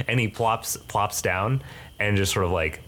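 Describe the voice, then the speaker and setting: A man's voice: on the low side, unhurried, fairly bright tone, a little hiss or hum. A young man narrating a tabletop game as game master, hesitant, with many fillers and restarts.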